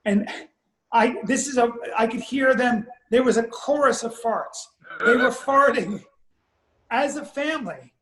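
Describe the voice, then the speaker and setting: A man with a notably high voice tells blunt, profane stories that he exaggerates for effect. His voice rings in a roomy, echoey space. He speaks as a podcast co-host in casual chat. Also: unhurried, fairly bright tone. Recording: roomy echo.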